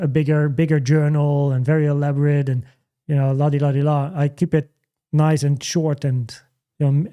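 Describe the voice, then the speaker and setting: A man's voice: fairly high pitch, mellow. A man hosting a casual livestream, chatting and answering questions with many restarts and fillers. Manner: halting, repeats words, many fillers. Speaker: livestream host. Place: home.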